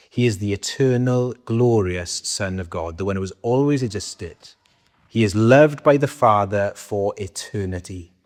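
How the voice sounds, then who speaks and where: His voice lowish and a little mellow, a man gives a conversational sermon in a church hall, often turning questions to the congregation. Long church reverb fills the recording.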